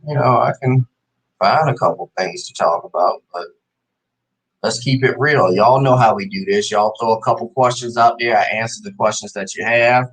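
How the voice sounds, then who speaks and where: A man's voice: on the low side, a bit bright, low-quality recording. A man hosting a casual livestream, chatting loosely with viewers and calling them "y'all". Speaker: host of a live stream show.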